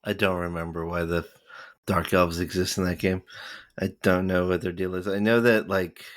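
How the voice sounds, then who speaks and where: A man's voice: deep voice, level tone, normal speed. A man co-hosting a podcast in casual chat, hesitant and searching for words. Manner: hesitant, many fillers. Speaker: podcast co-host.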